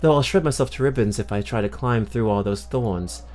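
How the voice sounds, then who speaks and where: A man with a medium-pitched, slightly mellow, natural voice reads game text in character as Alice, a young woman, putting on a British accent. Sounding puzzled, he talks to herself a little fast over soft background music.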